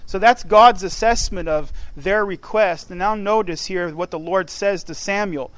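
A man's voice: high-pitched, unhurried, fairly bright tone, no room sound, low-quality recording. A man preaching a sermon, emphatic, building in force as he presses his points.

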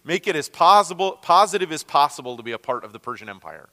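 Bright-voiced Great Lakes man teaching scripture. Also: fairly high pitch, big pitch swings, quick pace, in a large hall. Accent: Great Lakes American. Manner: conversational, with frequent fillers and restarts. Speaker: Bible teacher. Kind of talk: Bible lesson.

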